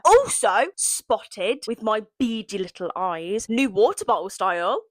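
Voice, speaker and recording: A woman's voice: mid-range voice, very animated, a little slow, hardly any pauses, dry recording. A young woman recapping a reality show in a casual vlog, dramatic and sarcastic, full of mock outrage. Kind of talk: casual reaction commentary.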